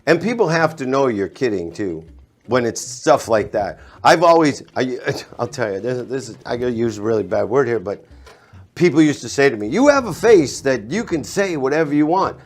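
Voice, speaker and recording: A middle-aged Boston comedian talking casually, with a lively storyteller's delivery. He builds up his stories and laughs at his own punchlines. His voice sits at an ordinary male pitch. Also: normal speed. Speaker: comedian guest. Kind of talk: casual chat.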